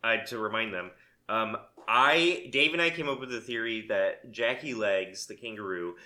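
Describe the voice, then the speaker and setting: A man's voice: fairly low pitch, normal speed, sharp tone. A man hosting a casual podcast chat, rambling through stories and laughing as he talks. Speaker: podcast host.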